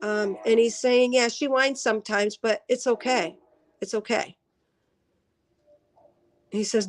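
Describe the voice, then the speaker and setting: A woman's voice: fairly high pitch, steady tone, unhurried, pauses often. A woman giving casual spiritual readings on a live stream. She talks to viewers by name and laughs often. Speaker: intuitive reader on a live stream.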